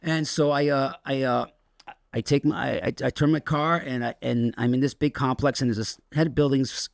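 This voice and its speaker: A man, a podcast guest, telling his recovery story in a rambling, halting way with many restarts. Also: mid-range voice, fairly even intonation, creaky, dry recording, clean studio sound.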